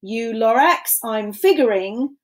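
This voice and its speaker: A woman voicing a greedy, defiant male factory owner who talks loudly and mockingly in a storybook read-aloud. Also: on the high side, expressive, takes it slowly.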